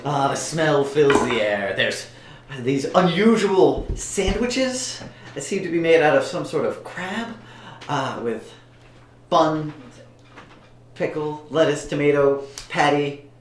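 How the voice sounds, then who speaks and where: A man running a tabletop game as game master, describing scenes in a lively, easygoing way. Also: fairly high pitch, takes it slowly, long pauses. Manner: descriptive, laughing easily. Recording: echoey room with background noise.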